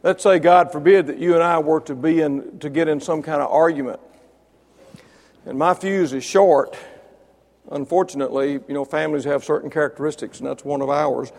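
A man preaching a sermon, building to loud emphatic peaks, then dropping low, with wry asides to listeners by name. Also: steady tone, moderate pace. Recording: long reverb of a large hall.

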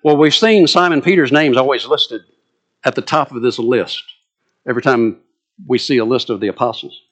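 A man with a Southern US accent preaching a sermon, acting out scripture quotes with lively, dramatic delivery. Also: medium pitch, normal speed. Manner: animated, dramatic quoting of scripture.

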